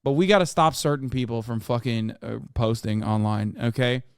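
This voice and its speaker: A man's voice: medium pitch, moderate pace, clean tone, dry recording, studio quality. A man in his thirties streaming casual, profane reaction commentary, ranting and mocking in an exasperated way.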